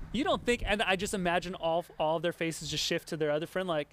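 A man with a high voice preaches an animated sermon. He keeps stopping and restarting his sentences and acts out imagined conversations. A faint hiss sits under the recording. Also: quick pace, hardly any pauses.

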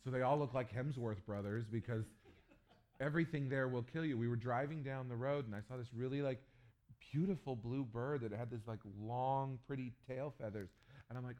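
A man preaching a sermon, telling stories with humor and jumping to loud, animated bursts. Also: mid-range voice, normal speed. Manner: animated storytelling with jokes and sudden loud bursts. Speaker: pastor.

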